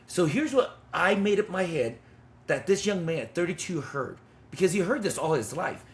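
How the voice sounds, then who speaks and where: A man in his fifties telling a personal story with intensity and blunt, swearing talk, as a men's ministry leader. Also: on the high side. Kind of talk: testimony in conversation.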